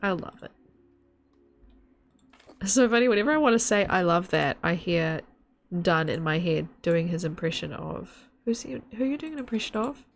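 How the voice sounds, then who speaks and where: Gravelly-voiced woman streamer chatting casually. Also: lowish voice, lively intonation, normal speed. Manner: chatty, rambling, giggly. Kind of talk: casual live-stream chat while gaming.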